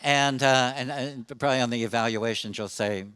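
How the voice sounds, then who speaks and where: A man's voice: medium pitch, moderate pace, a bit bright, clean tone, dry recording. A middle-aged man presenting at a conference to a live audience, chatty and self-deprecating, with frequent fillers. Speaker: presenter on suicide prevention.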